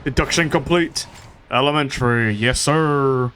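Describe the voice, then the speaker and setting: A man casually reacting while playing through a story game, excitable and quick to swear. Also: medium pitch, a little hiss or hum. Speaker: gaming streamer.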